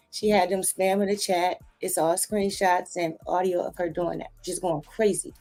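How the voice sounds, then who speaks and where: Woman, blunt and emphatic, gravelly edge, soft music bed. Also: on the low side, flat delivery, moderate pace. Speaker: guest, stream moderator. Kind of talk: casual chat.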